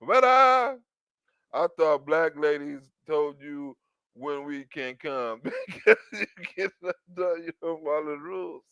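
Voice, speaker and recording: A man's voice: a little high, lively intonation, takes it slowly, bright, forceful tone, clean tone, no room sound. A man hosting an online show, riffing in a crude, rambling, comedic way, stammering and restarting as he acts out quoted lines. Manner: crude, rambling storytelling full of acted-out quotes.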